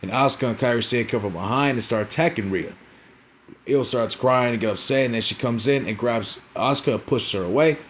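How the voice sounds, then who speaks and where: A man's voice: medium pitch, a little fast, slight background noise. A young man casually recapping a wrestling show, rambling and profane, forever tagging on "right?" and "you know what I'm saying?".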